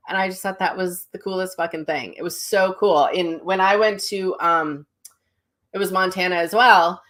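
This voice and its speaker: A woman's voice: fairly low pitch, normal speed. Chatty woman telling a story. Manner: animated storyteller acting out quotes. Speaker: psychic medium vlogger. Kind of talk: casual storytelling to viewers.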